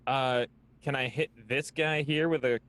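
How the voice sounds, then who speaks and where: A man's voice: medium pitch, steady tone, a little slow, a bit bright, clear, resonant tone. A man playing in a tabletop game, who asks easygoing questions about the map and his moves. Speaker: player. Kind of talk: casual table talk.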